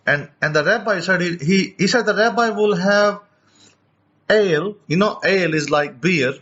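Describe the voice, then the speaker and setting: A man's voice: high voice, moderate pace, fairly bright tone, dull audio. A man preaching in a storytelling way, retelling an account animatedly and often repeating or restarting his words. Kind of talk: storytelling teaching.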